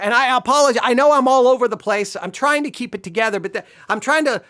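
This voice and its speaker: A man giving a sarcastic, exasperated commentary while reviewing a sermon, shifting between slow explanation and animated disbelief. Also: extremely high pitch, no room sound. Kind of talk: video commentary.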